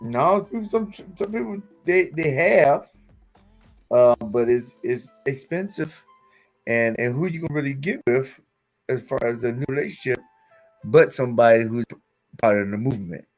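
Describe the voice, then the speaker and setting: A man hosting a casual talk, telling stories with lively acted-out quotes and laughing at his own jokes. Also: mid-range voice, moderate pace, faint music behind. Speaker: podcast host. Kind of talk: casual conversational commentary.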